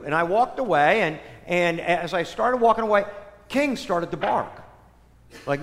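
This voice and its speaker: A man preaching a sermon, telling stories in an animated way that swings between loud and soft. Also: high-pitched, unhurried. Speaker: priest. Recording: long hall reverb.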